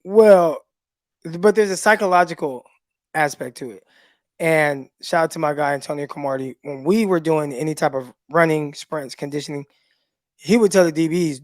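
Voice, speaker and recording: High voiced guy on a sports podcast, dry close mic, animated storyteller. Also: normal speed, no echo. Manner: animated storyteller, acts out quotes. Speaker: podcast co-host, former cornerback. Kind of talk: casual sports podcast chat.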